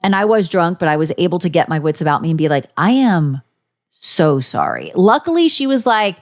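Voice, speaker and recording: A woman co-hosting a podcast, chatting casually and bluntly, swearing freely and acting out quotes with big jumps in her voice. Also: fast talker. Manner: animated, acts out quotes with big pitch jumps. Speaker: podcast co-host. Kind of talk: casual recap chat.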